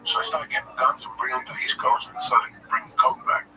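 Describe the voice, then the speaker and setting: A man's voice: mid-range voice, huge pitch swings, quick pace, pushed and bright. Rambling profane man in his fifties. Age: 50s. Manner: rambling, swears constantly, acts out quoted voices. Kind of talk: casual profane storytelling. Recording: distant mic with clear background noise.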